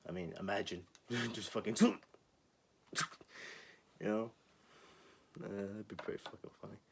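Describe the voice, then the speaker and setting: A man's voice: on the low side, steady tone, a little slow, background noise. A man in his twenties hosting his own channel, ranting to camera in a casual, sarcastic and sweary way. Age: 20s. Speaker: channel host.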